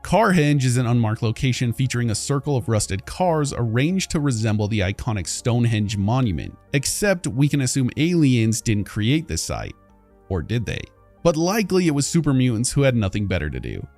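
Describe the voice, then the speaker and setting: A man's voice: mid-range voice, big pitch swings, moderate pace, hardly any pauses, a little mellow. A man reading a scripted video-essay narration in a casual way, speaking straight to the viewers. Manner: casual, addresses viewers directly. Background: background music.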